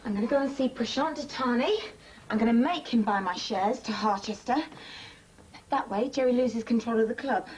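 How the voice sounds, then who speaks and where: A woman's voice: fairly high pitch, normal speed, darkish tone, a little hiss or hum, close to an everyday voice. An actress playing a bruised but determined woman who insists on taking action. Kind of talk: TV drama dialogue.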